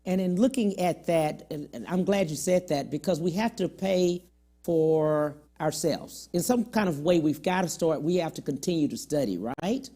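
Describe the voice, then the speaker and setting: A woman's voice: low-pitched, normal speed, mellow. A woman hosting an interview show, affirming and encouraging her guest. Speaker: show host.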